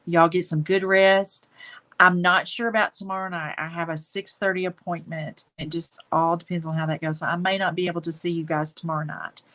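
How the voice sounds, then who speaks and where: A woman's voice: fairly low pitch, flat delivery, fairly quick. A woman hosting a live painting stream, chatting affectionately with viewers as she wraps up. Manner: warm, affectionate, chatty, says y'all. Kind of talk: casual live-stream chat.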